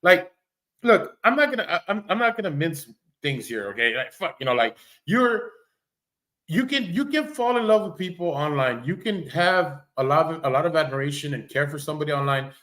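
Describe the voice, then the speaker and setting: A man's voice: fairly high pitch, animated, brisk, a bit bright. A man doing casual livestream commentary, blunt and rambling, swearing freely and restarting his sentences.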